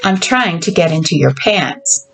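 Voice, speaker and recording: A woman reading aloud, voicing a practical, feisty woman who is a mail carrier, in a brisk, matter-of-fact way. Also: on the low side, animated, creaky, rough recording. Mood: teasing, practical.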